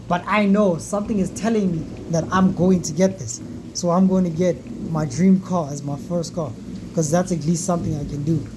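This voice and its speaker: A man's voice: a little high, noisy background. A man in his twenties speaking in a frank, raw, profane confessional vlog monologue. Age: 20s.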